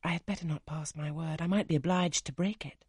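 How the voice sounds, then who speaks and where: Audiobook voice: a man reading a quietly firm young governess with a soft, measured manner. The tone is husky and sits in the middle range. The recording is dry and close. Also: fairly high pitch, fairly even intonation, no room sound, voice pushed up. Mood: polite. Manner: polite, measured, soft-spoken.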